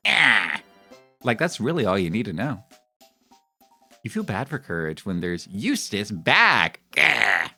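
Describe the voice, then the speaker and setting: Lively low-voiced man streaming. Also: slow, vocal fry, long pauses, faint music behind. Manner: rambling, animated and nostalgic, breaks into laughter. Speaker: live streamer. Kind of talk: casual chat with stream viewers.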